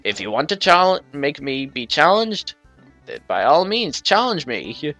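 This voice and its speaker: Man, let's play host, casual gameplay commentary, slow unhurried delivery, bright tense tone, rambling with restarts. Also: fairly high pitch, big pitch swings, faint music behind.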